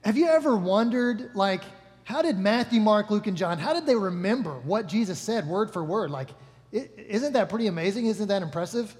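A man with a high-pitched voice preaches a sermon in an easy, joking way. He stops to correct himself and talks to the room like friends. The sound rings with the long reverb of a large hall. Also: animated, moderate pace, darkish tone, soft background music. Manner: casual, joking, self-correcting. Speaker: pastor. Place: church hall.

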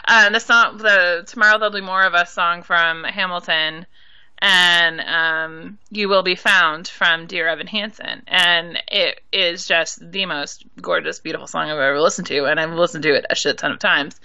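A woman talks on a podcast in a very sharp, bright voice, a little drunk and excitable, swearing freely. The recording sounds dull and lo-fi. Her voice sits somewhat low. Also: moderate pace, clear, resonant tone, no echo. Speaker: podcast co-host. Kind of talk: casual podcast chat.

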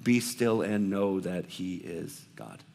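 A male pastor preaching a sermon in a church, swinging between loud emphatic bursts and hushed, soft passages. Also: low voice, big pitch swings, takes it slowly, creaky, long reverb tail, a little hiss or hum. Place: church hall, preaching from the floor.

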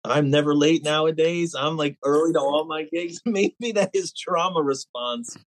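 A man in casual conversation, telling stories in an animated way, with lots of fillers and restarts. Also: a little high, normal speed, poor audio. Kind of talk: casual chat.

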